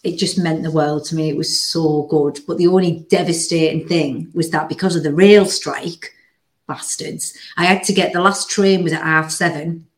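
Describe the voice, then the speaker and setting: A woman hosting a podcast, telling a story in an animated, casual way with plenty of "like" and the odd swear word. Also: sits low, normal speed. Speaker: podcast host. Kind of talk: casual chat.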